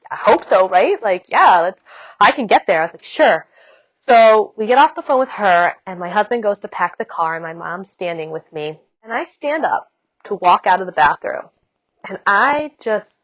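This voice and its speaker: A woman in her thirties casually recounting giving birth, chatty and quick, full of "like" asides. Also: medium pitch, no echo, dull audio. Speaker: mother telling her birth story. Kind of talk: casual storytelling.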